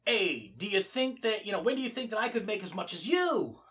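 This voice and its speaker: A carefree young inmate, put on by a man retelling a movie, sounds eager and boastful. He talks fast with a high, bright voice and never takes anything seriously. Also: very animated. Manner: eager, boastful, happy-go-lucky.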